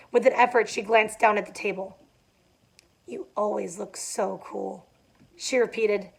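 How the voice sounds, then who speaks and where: A young adult woman reading a novel aloud, dropping in casual asides with fillers. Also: mid-range voice. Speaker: reader.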